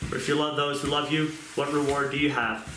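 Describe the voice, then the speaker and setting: A man preaching a fervent sermon, moving from pleading prayer to quieter scripture reading. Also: a little high, little pitch movement, fairly quick. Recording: echoey room with noise.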